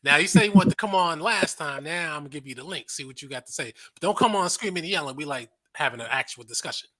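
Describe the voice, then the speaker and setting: A man's voice: on the high side, lively intonation, quick pace, bright, forceful tone, no echo. A man hosting a casual online panel, chatty and joking with callers. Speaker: panel host.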